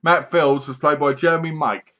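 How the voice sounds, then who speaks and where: Casual male film reviewer, slightly high voice, sarcastic and mocking, lo-fi home recording. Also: steady tone, moderate pace, bright, forceful tone. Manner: sarcastic, mocking, acts out scenes. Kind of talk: casual spoken movie review. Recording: dull lo-fi sound.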